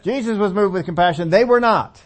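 A man's voice: high-pitched, brisk. A man preaching a sermon, telling the story with humor, acting out the characters and asking the audience questions. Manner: laughs often and asks the audience questions.

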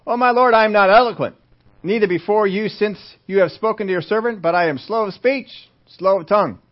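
A preacher putting on an anxious, reluctant man who pleads with his god, voice raised high and straining as he begs to be let off. He sounds flustered and worried. The recording is dull and lo-fi. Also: a little fast. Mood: pleading.

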